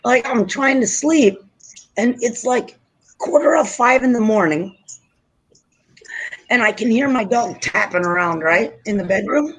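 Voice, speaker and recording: A woman hosting a casual late-night podcast chat. Her voice has a faintly husky edge, and she tells stories loosely, with frequent laughter and cursing. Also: on the high side, animated, measured pace, pauses often, a bit bright, poor audio. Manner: profane, laughing storyteller. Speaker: podcast host.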